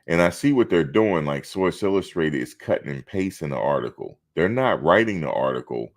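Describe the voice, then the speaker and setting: A man's voice: deep voice, lively intonation, normal speed. A man hosting a live stream, talking casually and bluntly, outspoken and swearing freely.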